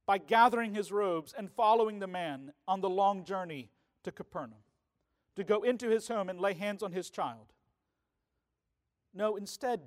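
A man preaching a sermon as pastor, in a conversational way that keeps checking in with the congregation. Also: high-pitched. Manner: conversational preaching, often asking "right?".

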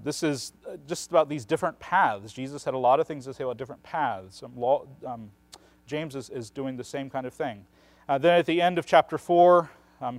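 A man teaching on the Bible in a relaxed, conversational way, explaining at length and often checking in with a questioning "right?". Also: medium pitch, no echo.

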